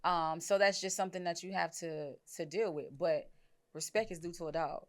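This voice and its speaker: A woman's voice: fairly low pitch, moderate pace, a crowd in the background. A young woman hosting a podcast, talking frankly and measuredly, thinking aloud in casual chat. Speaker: podcast host.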